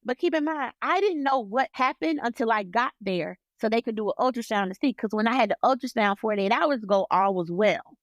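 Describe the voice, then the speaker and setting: Animated, higher-voiced woman telling a story. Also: brisk, hardly any pauses, no echo. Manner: animated, emphatic, acts out dialogue. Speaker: podcast co-host. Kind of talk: personal storytelling in casual chat.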